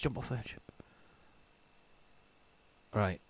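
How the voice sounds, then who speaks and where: Male gamer, self-mocking and excitable, lively swooping delivery. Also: mid-range voice, moderate pace, no room sound. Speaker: retro game tape reviewer. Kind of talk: casual gameplay commentary.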